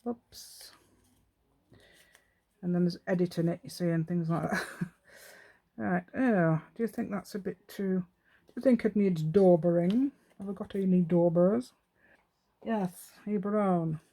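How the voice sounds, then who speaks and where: A woman's voice: on the low side, a little slow, pauses often, dark tone. An English woman hosting a craft tutorial, chatting casually with self-mocking, rambling asides and frequent laughs. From England. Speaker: craft channel host.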